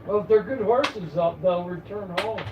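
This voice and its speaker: A man's voice: high-pitched, moderate pace, noisy background. A man playing a tabletop game, jokey and laughing as he chats. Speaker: player. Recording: echoey, far from mic, phone-like.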